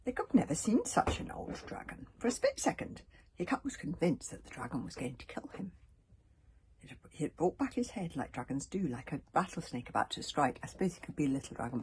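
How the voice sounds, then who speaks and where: Animated woman reading a storybook. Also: low-pitched. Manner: animated, often dropping into whispers. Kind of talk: reading a children's book aloud.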